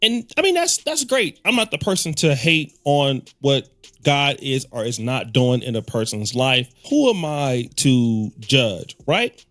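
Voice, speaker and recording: Animated man telling a pop culture story. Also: medium pitch, measured pace. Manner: animated, storytelling, wry asides. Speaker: commentary host.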